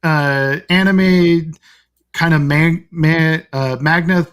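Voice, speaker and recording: A man co-hosting a casual gaming podcast, talking in an unhurried way and searching for words. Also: a little high, fairly even intonation, a bit bright. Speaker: podcast co-host.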